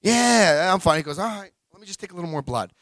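A man in his forties tells a story to a big audience, his voice slightly high for a man and leaping all over the place as he acts out each character. The sound is close and dry, with no room echo. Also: expressive, very fast, fairly bright tone. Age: 40s. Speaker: speaker sharing recovery story. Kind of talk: live talk to an audience.

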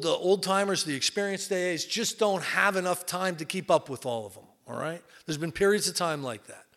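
A man's voice: sits high, a bit bright. A middle-aged man giving an informal, plain-spoken talk to a recovery group, folksy with many fillers. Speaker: recovery meeting speaker.

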